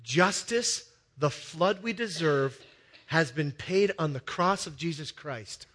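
Man, pastor, sermon, bright tone, somewhat high pitch, storytelling that swings from loud to hushed. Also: takes it slowly, husky. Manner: storytelling that swings from loud, excited passages to soft, hushed ones. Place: church with a balcony.

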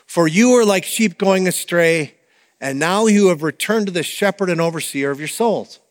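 A man preaching a sermon in an animated, conversational way, with asides to the congregation. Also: sits high, normal speed, big-room sound. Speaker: pastor.

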